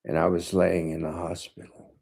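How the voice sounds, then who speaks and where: A man in his seventies, a martial arts teacher, giving a slow, thoughtful monologue to camera with frequent pauses. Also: deep voice, completely flat delivery, gravelly, a little mellow. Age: 70s. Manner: slow, thoughtful, pausing often.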